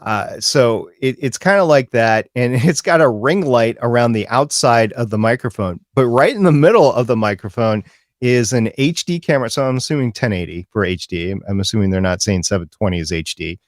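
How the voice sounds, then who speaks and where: A man's voice: mid-range voice, brisk, dry recording, studio quality. A man co-hosting a live podcast chat, explaining news in a wry, casual way. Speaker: podcast co-host.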